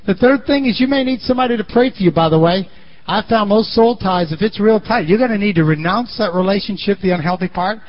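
A man preaching a sermon in an animated way, swinging between loud and quiet, on a muffled lo-fi recording. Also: high-pitched, quick pace.

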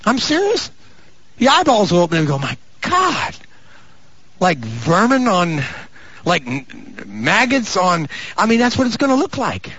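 Fervent preacher man with a wide-swinging pitch. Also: huge pitch swings, normal speed, husky. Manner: rising to fervent, stretched-out shouts; dramatic, with mock voices and asides. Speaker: pastor. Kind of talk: sermon. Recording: muffled lo-fi recording.

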